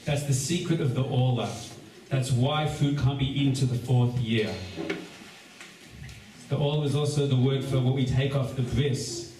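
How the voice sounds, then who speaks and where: Lively joking rabbi talking to a crowd, far from the mic, noisy hall. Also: male voice, mid-range voice, normal speed. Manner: joking, energetic, addresses the crowd directly. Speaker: rabbi leading a seder. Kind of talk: lively teaching to a live gathering. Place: large echoey room with a gathering. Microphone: distant room recording. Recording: echoey room recording from far off with background noise.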